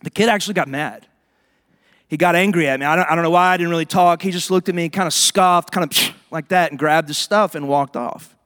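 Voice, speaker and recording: High-voiced preacher in a reverberant hall. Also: male voice, fairly quick. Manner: animated storytelling with voiced asides. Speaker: pastor. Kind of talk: sermon.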